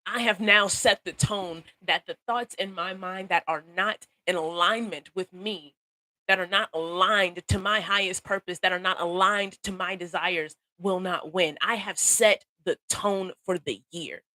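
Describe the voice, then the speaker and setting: Speaking unhurriedly in a voice on the low side, yet bright and sharp, a young woman streams live from her phone with upbeat encouragement. She's animated, laughs a lot, calls out viewers by name and repeats lines to hammer points home, all in close, dry sound without room echo.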